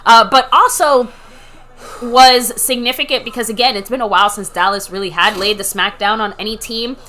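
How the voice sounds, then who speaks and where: A high, bright-voiced woman co-hosting a live fan watch party. She chats fast and easily, reads viewer messages aloud and breaks into laughter between them. Her tone has a clear, sharp edge. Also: steady tone. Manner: chatty, reads chat messages and thanks donors, laughs often. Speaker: co-host reading viewer chat. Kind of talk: live game reaction chat.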